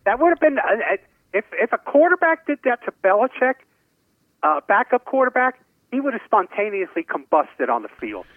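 Man, sports co-host, quick teasing remarks, high voice, tinny phone line. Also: sing-song, no echo. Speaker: podcast co-host. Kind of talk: casual sports talk.

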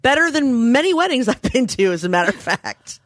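A woman's voice: brisk, no echo, studio quality. A woman co-hosting a podcast in casual chat, telling stories with acted-out quotes. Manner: animated storytelling, acts out quotes with big pitch jumps. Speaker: podcast co-host.

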